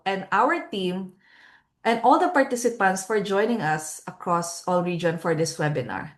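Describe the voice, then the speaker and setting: Earnest woman hosting a webinar. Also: medium pitch. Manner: earnest, with frequent filler pauses. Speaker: webinar host. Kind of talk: webinar closing remarks. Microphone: video call.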